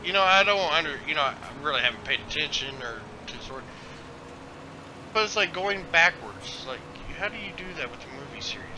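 A playful man hosts a gaming voice chat, tossing out jokes and goofy sound effects. His voice is a bit high for a man, and the call has steady background noise. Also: fairly quick. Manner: joking, playful, does silly sound effects. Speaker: gaming channel host. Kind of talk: casual group voice chat.

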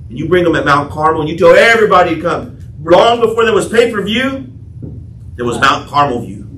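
A pastor preaching a sermon, telling the story dramatically and acting out the quotes, sometimes shouting. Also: male voice, a little high, far from the mic, a little hiss or hum. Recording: echoey room, voice from off-mic.

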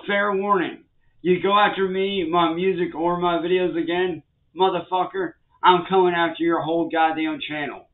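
A man ranting angrily to the camera, swearing and repeating threats and warnings at people he calls trolls. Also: on the high side. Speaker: vlogger. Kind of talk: angry rant to the camera. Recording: tinny phone-like sound.

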